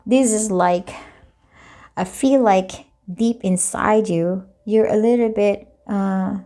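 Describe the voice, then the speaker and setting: A woman's voice: mid-range voice, slow, mellow. A woman reading tarot cards in a chatty, loose way, often repeating and rephrasing herself. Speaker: tarot reader.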